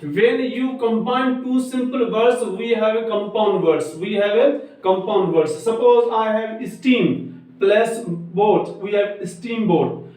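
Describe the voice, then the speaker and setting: A male teacher gives a grammar lecture slowly, repeating each point as he goes. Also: high-pitched, darkish tone. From Pakistan. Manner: slow, repetitive, restates each point. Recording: very echoey room, voice far from mic.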